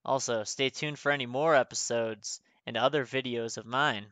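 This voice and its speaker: A man's voice: mid-range voice, fairly even intonation, normal speed, fairly bright tone, dry recording. A young man playing a horror game, panicking, screaming and swearing, then signing off with jokes. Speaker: gaming YouTuber. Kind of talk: horror game let's play commentary.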